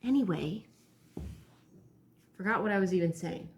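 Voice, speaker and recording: A woman's voice: mid-range voice, normal speed, background noise. Blunt, profane woman ranting on camera. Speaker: vlogger. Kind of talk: ranting vlog monologue.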